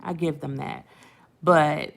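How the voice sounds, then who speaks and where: A woman's voice: sits low, fairly even intonation, slow, gravelly. A woman, hosting casual late-night commentary, chatty and laughing often while she retells things. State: has a headache. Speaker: channel host.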